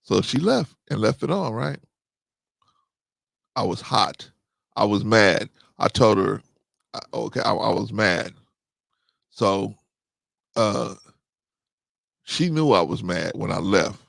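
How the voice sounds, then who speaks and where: A man's voice: lowish voice, lively intonation, takes it slowly, creaky, long pauses, fairly bright tone, dry recording. A man in his fifties hosting a casual monologue, telling a story and repeating phrases for emphasis. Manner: storytelling, acts out quoted dialogue. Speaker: host.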